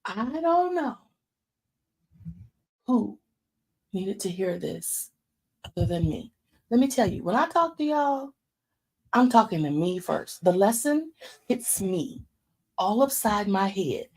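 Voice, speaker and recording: A woman's voice: medium pitch, slow, pauses often. A woman in her fifties giving an informal sermon, telling stories and calling her listeners y'all. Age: 50s. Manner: animated storytelling, addresses listeners as y'all. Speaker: church speaker.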